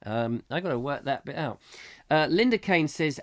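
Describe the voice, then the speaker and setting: A man's voice: a little high, expressive, normal speed. A man, hosting a live comic chat show and telling a meandering story full of restarts. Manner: meandering, with many restarts, acting out scenes. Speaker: host.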